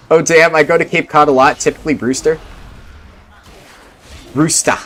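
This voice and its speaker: A man's voice: fairly high pitch, steady tone, unhurried, a bit bright. A young man from New Jersey streaming a game, chatting casually with his viewers in a rambling, laid-back way full of fillers. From Central New Jersey. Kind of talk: casual chat answering live chat.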